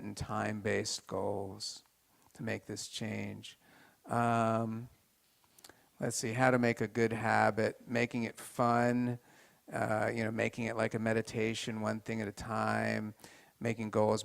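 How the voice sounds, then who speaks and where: A man giving an informal health talk to a live group, halting with many restarts and turning to the audience with questions. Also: on the low side, creaky.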